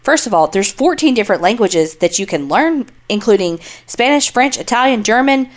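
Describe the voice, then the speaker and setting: A woman's voice: on the high side, expressive, moderate pace. A woman with a Southern US accent, co-hosting a podcast and reading an ad in a playful, jokey way. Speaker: podcast co-host. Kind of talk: casual chat and ad read.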